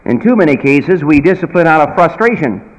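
A man preaching a sermon in an emphatic, folksy manner, swinging from loud bursts to quiet asides. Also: fairly high pitch, lively intonation, a little fast, lo-fi sound. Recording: reverberant hall.

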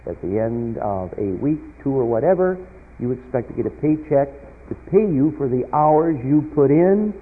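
A man delivers a sermon, moving between loud emphatic peaks and quiet asides. His voice is husky and lively in pitch. The sound is tinny and phone-like, with a long reverb from a church hall. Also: moderate pace. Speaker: preacher.

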